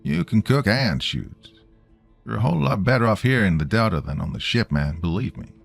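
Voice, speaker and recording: A man's voice: lowish voice, big pitch swings, moderate pace, creaky, soft background music, pitched above the performer's own voice, full character voice. A man voicing a folksy, encouraging sailor. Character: friendly skinny male sailor with glasses.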